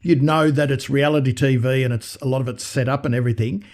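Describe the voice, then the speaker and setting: A man's voice: medium pitch, steady tone, fast talker, a little mellow. A man hosting a podcast, asking probing questions and rephrasing them as he goes. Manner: probing, rephrases his questions mid-sentence. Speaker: podcast host. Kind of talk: interview questioning.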